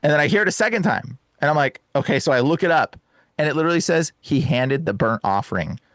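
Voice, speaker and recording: A young man telling an excited personal story as a podcast guest, laughing often and calling the host bro and dude. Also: a little high, quick pace, dry recording.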